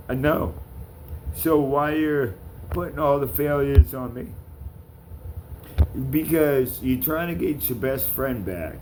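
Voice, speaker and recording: A man's voice: medium pitch, a little slow, darkish tone, slight background noise. A man ranting to camera in a vlog, calling out people by name, with blunt, profane talk. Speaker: vlogger.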